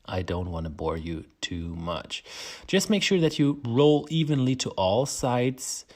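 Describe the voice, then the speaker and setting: A man's voice: medium pitch, lively intonation, unhurried, darkish tone. A man with a German accent, hosting a casual baking tutorial, chatty and self-deprecating, laughing often. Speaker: home baker, channel host.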